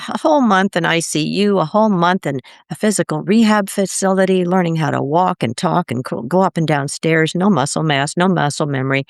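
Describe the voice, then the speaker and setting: An older woman, a podcast guest, telling her story in casual conversation and acting out quoted voices with big jumps in pitch. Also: fairly quick, dry recording, clean studio sound.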